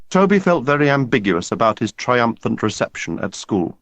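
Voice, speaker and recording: Expressive male audiobook narrator. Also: mid-range voice, no echo. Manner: expressive, measured storytelling. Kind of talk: scripted narration.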